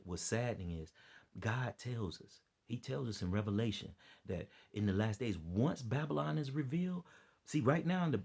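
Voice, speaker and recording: A man's voice: on the low side, creaky, a little mellow. A tired man speaking in a rambling, preachy vlog, repeating himself and appealing to his listeners. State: worn out and dead tired. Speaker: online preacher and commentator. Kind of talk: impassioned unscripted vlog commentary.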